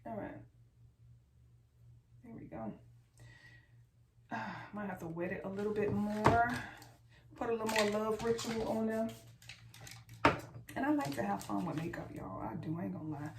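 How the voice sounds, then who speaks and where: A woman's voice: medium pitch, unhurried, long pauses. Chatty woman vlogging from across a room. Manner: chatty and playful, keeps addressing viewers as y'all. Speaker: beauty vlogger. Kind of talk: casual get-ready-with-me chat. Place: room at home, camera set far back. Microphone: far camera mic. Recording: roomy, distant, faint background noise.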